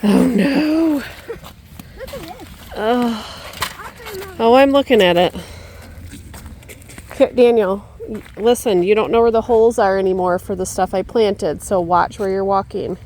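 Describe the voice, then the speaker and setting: A woman of middle pitch vlogging outdoors on her homestead with a handheld camera. She chats easily, slips into a high coaxing voice for her birds, and breaks into dismayed exclamations. A faint hiss sits under her voice. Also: takes it slowly, pauses often, darkish tone. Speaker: homesteader filming her farm. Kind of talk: casual vlog commentary. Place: outdoors in a rural yard and garden.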